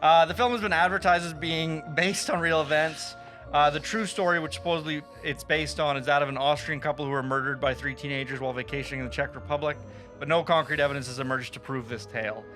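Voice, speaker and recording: A man's voice: fairly high pitch, fairly even intonation, fast, bright, forceful tone, soft background music. A man hosting a casual movie review podcast, chatty, laughing often and swearing freely. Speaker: podcast host.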